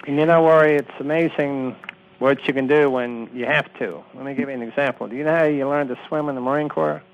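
A man's voice: mid-range voice, fast talker. A man co-hosting a radio talk show, speaking in an emphatic, blunt way. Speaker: radio co-host. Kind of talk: casual radio chat. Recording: muffled radio broadcast.

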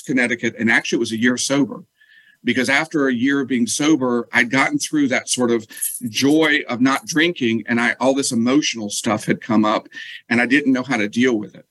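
A man's voice: medium pitch, a bit bright, no room sound, poor audio. Earnest man telling his story. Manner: earnest, halting, with many restarts. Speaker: guest. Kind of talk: candid interview storytelling.

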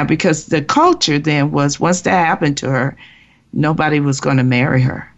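A woman sharing a personal faith testimony in a halting, earnest way, with many restarts. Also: sits low, animated. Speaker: guest sharing her testimony. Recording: muffled lo-fi recording.

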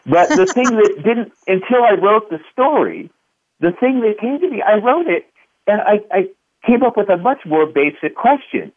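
A man's voice: high voice, normal speed, dry recording. A man in his fifties from Kentucky, a guest author telling a family story in a radio interview and acting out the quoted lines. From Louisville, Kentucky, USA. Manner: animated storyteller, acts out quotes. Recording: dry, phone-like line.

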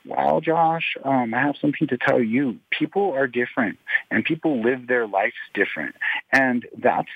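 A man telling a personal story as a radio show guest, talking in halting bursts with many repeated restarts. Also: medium pitch, gravelly, slightly rough, no echo. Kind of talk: emotional personal account. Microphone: phone. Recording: tinny phone line.

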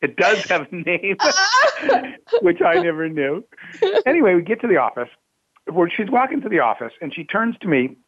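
High-voiced man on a tinny line. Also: moderate pace, slightly rough. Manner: lively storyteller, acts out quoted voices, laughs often. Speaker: company CEO, interview guest. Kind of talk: anecdotal storytelling in an interview.

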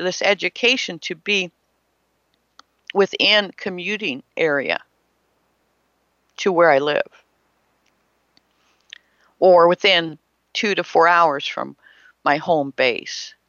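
With a pushed, bright mid-range voice, a spiritual teacher gives a forceful motivational talk at an unhurried pace with long pauses, asking rhetorical questions and playing out imagined characters. The audio is dry, slightly muffled, and free of room sound.

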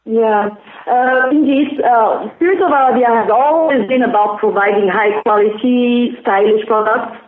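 French-accented woman, high voice, tinny phone line, echoey. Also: measured pace. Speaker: interview guest, business founder. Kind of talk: explaining a business in an interview.

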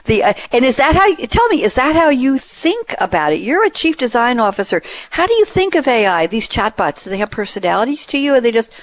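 A woman hosting a panel discussion, chatty and playful, with quick asides. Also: high voice, sing-song, no room sound. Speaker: host.

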